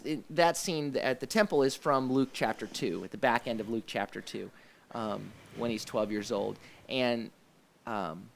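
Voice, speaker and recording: A man's voice: medium pitch, gravelly. Man hosting a rambling church chat. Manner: rambling, with many restarts and fillers. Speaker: host of a church discussion show. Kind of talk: casual discussion.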